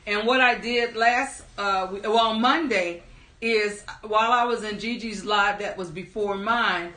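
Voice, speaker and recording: Bright-voiced woman hosting a livestream. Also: medium pitch, unhurried, reverberant. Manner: greets chat viewers by name, upbeat and chatty. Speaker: livestream storyteller host. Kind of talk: casual live-stream chat.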